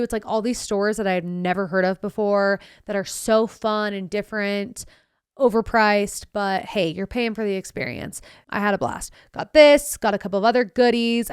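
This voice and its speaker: A woman's voice: medium pitch, fairly quick, clean tone, no room sound, studio quality. A young woman hosting a podcast, telling a story in a sarcastic, bubbly, chatty way and acting out the people she quotes. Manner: sarcastic, bubbly, quotes herself in animated voices. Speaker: podcast host. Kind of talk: casual storytelling monologue.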